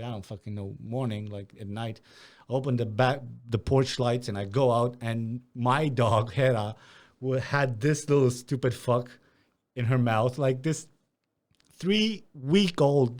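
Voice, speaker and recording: Young male podcast host from Romania, mid-pitched, animated storyteller, swears often. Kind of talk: casual podcast chat.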